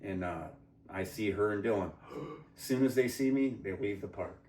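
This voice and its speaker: A man telling a crude story in casual talk, swearing a lot, laughing and shouting out the lines he quotes. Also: on the low side, normal speed. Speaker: podcast guest telling a story. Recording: echoey room from far off the mic.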